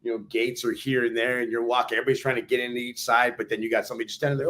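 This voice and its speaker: A man's voice: mid-range voice, fairly even intonation, quick pace, fairly bright tone. A man co-hosting a podcast, chatting casually with a motivational edge. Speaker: podcast co-host. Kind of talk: casual chat.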